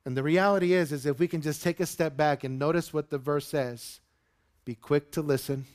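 Animated male pastor preaching. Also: on the high side, a little fast. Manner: animated storytelling, acts out quotes. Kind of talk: sermon. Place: church sanctuary with congregation.

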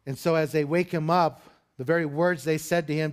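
A man preaching a sermon to his congregation in an earnest, expressive way. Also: brisk. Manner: earnest preaching, rising loud and high when dramatizing the disciples. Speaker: pastor.

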